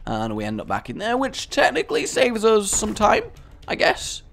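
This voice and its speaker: A man's voice: high voice, huge pitch swings, normal speed, gravelly, fairly bright tone, a little hiss or hum. A man giving casual, rambling commentary over a game he is playing, with self-mocking jokes and asides. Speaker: gaming commentator.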